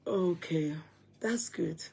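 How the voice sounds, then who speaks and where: Slow-talking woman streamer from Gambia. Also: lowish voice, vocal fry, warm tone, slight background noise. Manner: chatty, greets viewers by name, breaks into song. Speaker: live streamer. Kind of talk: casual live stream chat.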